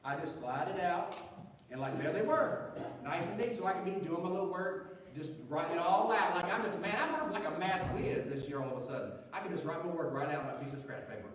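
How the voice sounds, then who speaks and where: A man giving a youth sermon, telling a funny story in an animated, chatty way. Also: high voice, fairly quick, slight background noise. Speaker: youth pastor. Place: large church hall. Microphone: distant from the mic. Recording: echoey hall, distant mic, faint ambience.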